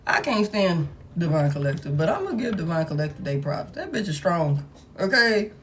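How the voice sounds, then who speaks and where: A woman voicing a blunt, grudging rival who admits respect, in a lower, quieter voice than her own. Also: big pitch swings, moderate pace, a little hiss or hum.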